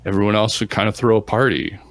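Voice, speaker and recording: A man's voice: fairly low pitch, fairly even intonation, fast, close to an everyday voice. A man voicing a foul-mouthed young street punk who rambles with lots of fillers and turns paranoid. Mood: rambling. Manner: rambling, swears a lot, filler-heavy.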